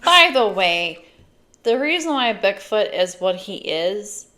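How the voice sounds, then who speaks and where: A woman's voice: medium pitch, big pitch swings, takes it slowly, sharp tone. A woman co-hosting a casual podcast, blunt and profane in her opinions. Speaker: podcast co-host. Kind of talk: casual chat.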